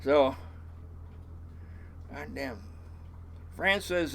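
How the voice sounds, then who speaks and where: A man's voice: medium pitch, expressive, normal speed, fairly bright tone, slight background noise. An older man, a fishing boat captain, telling rambling stories in a casual interview, swearing freely and chuckling through many restarts.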